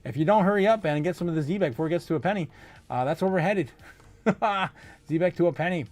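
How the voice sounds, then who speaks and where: An excitable man hosts a casual crypto livestream, reading viewers' comments and reacting with frequent laughter. His voice sits a bit high for a man, and his talk is hyped and chatty. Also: racing, no room sound.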